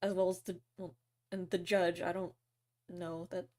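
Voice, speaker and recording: A woman's voice: on the low side, little pitch movement, normal speed, a little mellow. A woman with a Southern US accent chatting on a live stream while reading a game aloud, laughing often.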